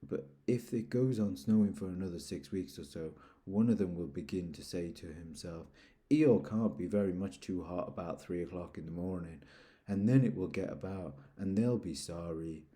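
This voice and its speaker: A man voicing a gloomy, self-pitying old grey donkey in a storybook reading, slow and mournful. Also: deep voice, warm tone, close to an everyday voice.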